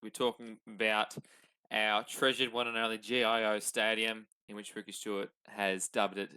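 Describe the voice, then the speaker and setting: A man's voice: fairly low pitch, level tone, normal speed, sharp tone, clean tone, rough recording. A young Australian man co-hosting a casual sports podcast, laid-back and rambling. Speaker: podcast co-host.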